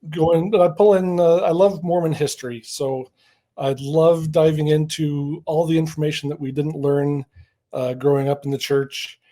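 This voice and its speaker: A man's voice: fairly high pitch, dark tone. A man from Idaho, a guest in a casual interview, telling history stories in an easygoing, jokey way. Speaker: guest, Mormon history storyteller.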